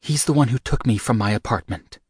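A frightened young woman, pleading and breathless, her voice lifted high as a man acts her out. She sounds shaken and urgent. The recording is dry and close. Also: a little fast, a little mellow, husky, no echo.

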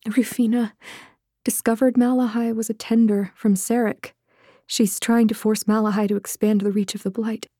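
A woman's voice: on the high side, level tone, moderate pace, dark tone, dry recording, clean studio sound, close to an everyday voice. A woman voicing a guilt-ridden young woman in an audiobook, speaking in a breathless, pleading way. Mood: urgent.

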